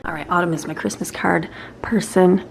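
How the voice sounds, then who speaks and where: A woman's voice: lowish voice, fairly even intonation, normal speed, vocal fry, a little hiss or hum. A woman, a homeschooling mom, chatting casually and cheerfully in a vlog from her home kitchen. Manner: upbeat, chatty, gushing.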